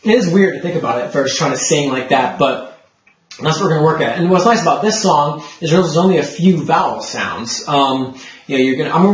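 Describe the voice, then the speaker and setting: A man's voice: on the high side, roomy sound, poor audio. A young man teaching a patient one-on-one singing lesson, demonstrating vowel sounds for his student.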